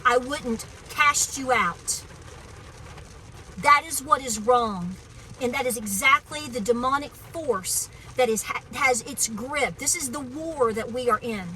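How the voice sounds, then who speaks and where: A woman's voice: high-pitched, slow, sharp tone, slight background noise, poor audio. A woman homesteading vlogger speaking outdoors on her farm in an impassioned, preachy, emphatic way. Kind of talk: outdoor political vlog rant.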